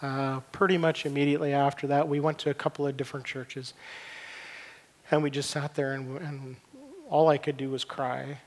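A man's voice: medium pitch, flat delivery, normal speed. A middle-aged man, preaching a sermon in an earnest, conversational way and repeating words as he looks for them. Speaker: pastor. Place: church hall. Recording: long reverb of a church hall.

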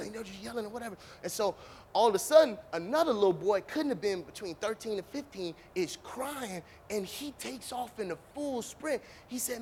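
A man's voice: high voice, animated, normal speed, darkish tone, a little hiss or hum. A man telling a story to an audience in a conversational way, acting it out with vocal sound effects. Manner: conversational, with many fillers. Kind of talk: storytelling talk.

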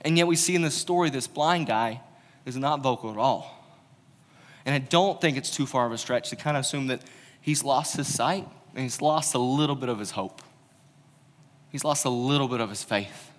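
A man's voice: mid-range voice, moderate pace. A man preaching a casual, conversational sermon, telling stories with informal humorous asides. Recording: long reverb of a large hall.

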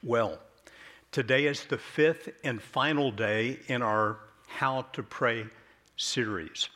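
A man's voice: mid-range voice, slow, pushed and bright. Earnest man preaching a sermon. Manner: earnest, conversational, acts out quoted prayers. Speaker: pastor.

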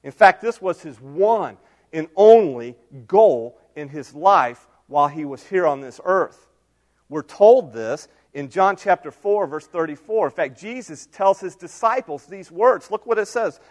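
A middle-aged male pastor preaching a sermon, moving between soft asides and raised, emphatic lines. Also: sits high, animated, a little slow.

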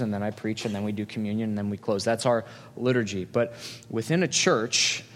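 A man, a pastor, preaching a conversational sermon in a church and telling stories with quoted asides. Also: medium pitch. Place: church hall. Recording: long hall reverb.

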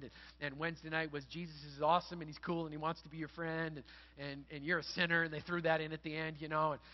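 A man's voice: fairly high pitch, highs cut off. A middle-aged man preaching a sermon as pastor, telling stories in a conversational way and building to earnest emphasis.

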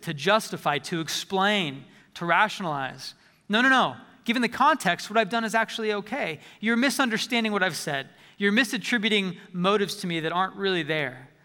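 High-voiced man preaching in a reverberant hall. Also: bright, forceful tone. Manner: conversational, repeats words when restarting. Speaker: pastor. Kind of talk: sermon.

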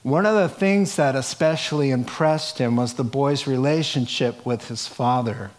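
A man preaching a sermon, telling a scripture story in an animated way with chuckling asides and acted-out quotes. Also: mid-range voice, normal speed. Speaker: pastor.

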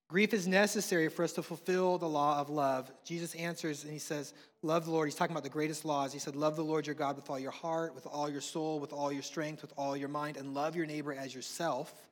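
A man, preaching a sermon with passion, swinging between hushed and loud. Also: fairly high pitch. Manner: impassioned, swings from soft to loud. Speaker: pastor. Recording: long reverb of a large hall.

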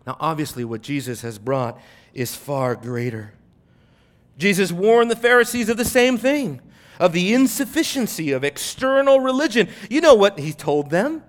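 A man preaching a sermon as pastor, emphatic, building on repeated phrases and swinging from soft to loud. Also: high-pitched, big pitch swings, moderate pace.

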